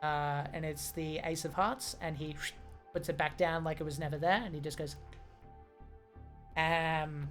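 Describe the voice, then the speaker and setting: A woman narrating as game master of a tabletop game, describing scenes with many pauses and fillers. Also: deep voice, little pitch movement, faint music behind.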